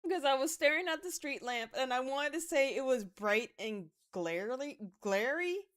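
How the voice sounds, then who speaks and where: Animated young woman streamer. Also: high-pitched, normal speed. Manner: animated, swings from mumbling to excited shouts; swears casually, laughs through stories. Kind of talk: casual livestream chat while gaming.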